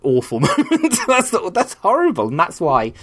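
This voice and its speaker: A man's voice: high voice, wildly swooping pitch, moderate pace, a bit bright. A man in his thirties, a rambling and candid storyteller in casual conversation on a podcast.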